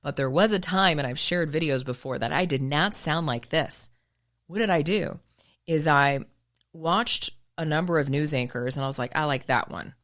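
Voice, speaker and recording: Low-voiced woman with a polished broadcaster voice. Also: normal speed, fairly bright tone. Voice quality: polished broadcaster voice with crisp enunciation. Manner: emphatic, asks rhetorical questions and answers them. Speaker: podcast host and former news broadcaster. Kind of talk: motivational monologue.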